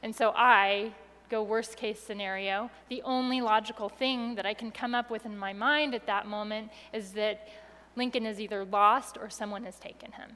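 A woman telling a personal story to an audience with expressive delivery, going soft and quiet at the tense moments. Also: mid-range voice, moderate pace, big-room sound.

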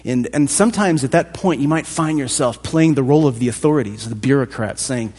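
A man preaching a sermon in a thoughtful, conversational way, with a husky voice. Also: medium pitch, normal speed, few pauses, darkish tone. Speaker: pastor. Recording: long hall reverb.

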